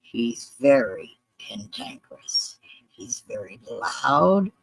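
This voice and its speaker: Slow, earnest storyteller. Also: mid-range voice, big pitch swings, vocal fry, slight background noise, rough recording. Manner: earnest, deliberate retelling with quoted voices. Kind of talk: personal storytelling.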